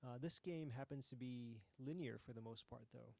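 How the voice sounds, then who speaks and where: A man hosting a game jam, giving relaxed, hesitant commentary with frequent ums while playing a game. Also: mid-range voice, normal speed, vocal fry, no echo.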